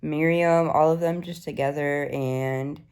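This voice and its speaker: A woman in her twenties giving casual, excitable reading updates as a book vlogger, swearing freely and gushing over the story. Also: deep voice, measured pace, smooth.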